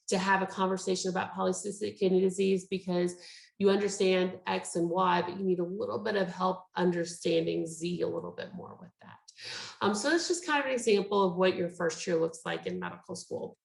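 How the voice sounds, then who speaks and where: A woman with a somewhat low, gravelly voice explains a medical program in a relaxed, chatty way, filling her pauses with "um." She is heard over a video call from a roomy space with noticeable echo. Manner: chatty, explanatory, many fillers. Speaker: medical school presenter. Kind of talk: virtual info session talk.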